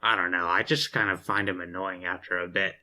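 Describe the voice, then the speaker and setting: A man co-hosting a casual movie review podcast, easygoing and measured, trailing off at the ends of his sentences. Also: low voice, fairly even intonation, bright, forceful tone. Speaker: podcast co-host.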